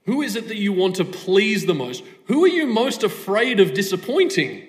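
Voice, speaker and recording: Man, preacher, sermon, rhetorical questions, emphatic, slightly high pitch. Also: fairly bright tone.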